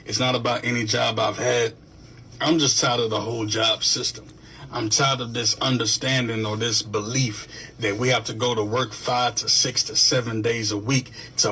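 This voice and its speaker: A man talks casually to camera in a worn-out, repetitive way at an ordinary middle pitch. Now and then he laughs at himself. A faint background hum runs under his voice. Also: fairly even intonation, moderate pace, bright, forceful tone.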